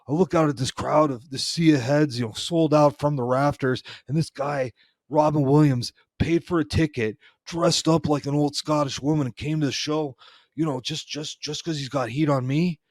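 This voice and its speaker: A man co-hosting a comedy podcast, telling a meandering story in character and filling every pause with "you know". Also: medium pitch, no room sound, clean studio sound. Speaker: podcast co-host.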